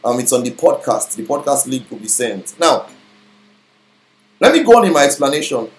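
A pastor teaching a sermon, explaining scripture and repeating key phrases, reading verses slowly. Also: male voice, mid-range voice, very animated. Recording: echoey room.

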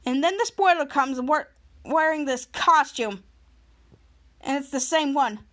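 A woman's voice: sits high, unhurried, a bit bright. A woman podcast host casually retelling a TV episode, rambling with restarts.

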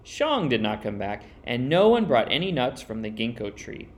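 A man reads a children's picture book aloud, with dramatic pauses for suspense. His voice sits in a middle pitch and swings widely up and down with every turn of the tale. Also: sing-song. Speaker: storyteller. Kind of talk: storybook read-aloud.

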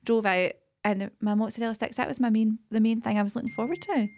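A young Scottish woman co-hosting a podcast, telling stories in quick, animated casual chat. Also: a little high. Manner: rapid, animated storytelling. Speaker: podcast co-host.

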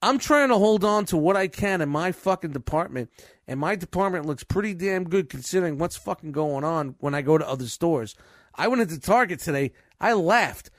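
A man's voice: fairly high pitch, expressive, a little fast, dry recording, studio quality. A man in casual chat, venting about his retail job with constant swearing.

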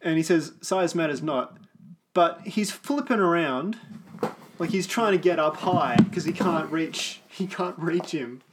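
A man's voice: on the high side, a little slow, very noisy. A young man chatting casually and rambling with lots of fillers while watching a film. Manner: laughing, rambling, many fillers.

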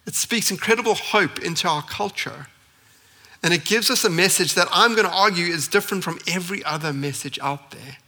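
A man delivers a church sermon with earnest conviction. His voice sits a touch high and rings bright and forceful. He stacks repeated phrases as he builds his point. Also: vocal fry, long reverb tail. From South Africa. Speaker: pastor.

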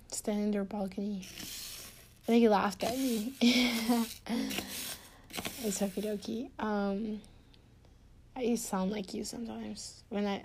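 A woman chatting intimately and casually to her partner, giggly and rambling in a soft, often half-whispered voice. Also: mid-range voice, creaky, a little hiss or hum. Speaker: podcast host talking to her partner. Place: indoors at home.

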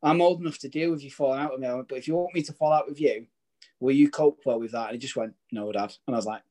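Chatty British dad, rambling stories. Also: male voice, mid-range voice, very fast, a little mellow. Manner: chatty, rambling storytelling with restarts. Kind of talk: casual chat.

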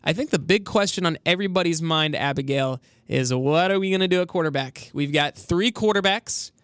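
A man's voice: fairly high pitch, a little fast, a bit bright, clear, resonant tone, dry recording, studio quality. Chatty young man, rambling host. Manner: rambling storyteller, full of fillers. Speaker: sports radio co-host. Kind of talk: casual sports talk. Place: college radio studio.

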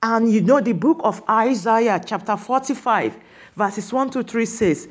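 A woman preaching a sermon, pressing her listeners with repeated questions and slowing down on key words for emphasis. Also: on the high side, lively intonation.

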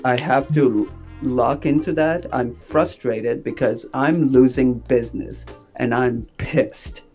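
A man's voice: medium pitch, slow, darkish tone, soft background music, lightly acted. A man voicing an uptight male businessman who is frustrated about losing business. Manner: tense, complaining.

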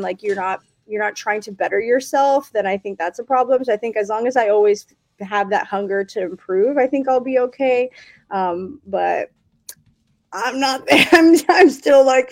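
A woman's voice: medium pitch, creaky, no room sound. A woman guest in a casual live-stream chat, giggly and open about her nerves. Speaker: guest performer.

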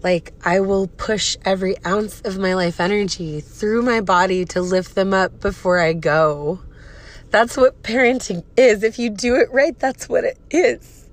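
A woman's voice: medium pitch, measured pace. Woman, thirties, solo podcast monologue, emotional, profane, venting. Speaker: podcast host. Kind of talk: casual personal podcast monologue.

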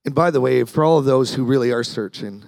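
A man's voice: mid-range voice, quick pace, vocal fry, a little mellow, dry recording. A man preaching a sermon as pastor, talking conversationally, repeating words and acting out the people in his story.

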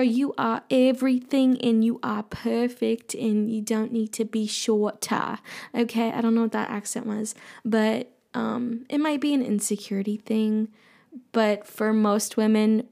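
A woman hosting an advice show, talking through listener questions in an easy, casual way. Her voice sits a little high, with a gravelly fry running through it. She takes her time, teasing and cracking jokes before taking them back. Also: a little mellow. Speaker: advice podcast host.

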